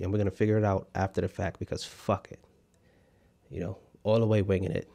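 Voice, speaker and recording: A man's voice: deep voice, level tone, a little fast, gravelly, mellow, dry recording. A man hosting a podcast, swearing a lot and sarcastically mocking a video clip. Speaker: podcast host. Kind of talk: profane comedic commentary.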